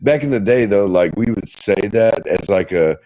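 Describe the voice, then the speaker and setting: Low-voiced, laid-back podcast host man. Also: lively intonation, mellow. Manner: laid-back, laughs easily, drawn-out fillers. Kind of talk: casual chat.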